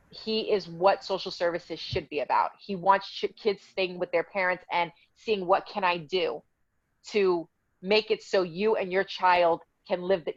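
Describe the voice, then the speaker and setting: A woman's voice: lowish voice, no echo, dull audio. Indignant woman telling her story. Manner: heated, indignant retelling with quoted dialogue. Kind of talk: casual storytelling interview.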